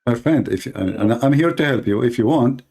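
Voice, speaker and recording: A man's voice: medium pitch, animated, a little fast, gravelly, a little mellow. A man hosting a call-in debate, arguing in an emphatic, mocking way. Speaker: host.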